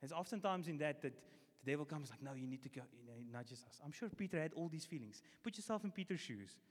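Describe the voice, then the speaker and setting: A man preaching a sermon, casual and energetic, leading the congregation in call-and-response. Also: a little high, quick pace. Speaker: pastor. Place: church hall. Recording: long reverb of a church hall.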